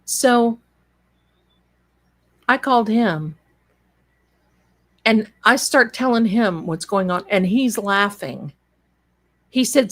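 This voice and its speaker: Slow dramatic woman storyteller. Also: mid-range voice, lively intonation, a bit bright. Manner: chatty, dramatic, folksy, addresses listeners as darlings. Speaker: paranormal storyteller on a live show. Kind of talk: live spooky storytelling.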